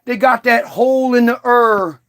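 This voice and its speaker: A man's voice: very high-pitched, steady tone, moderate pace, a bit bright. A man voicing a swaggering young man in a mocking, exaggerated slang voice.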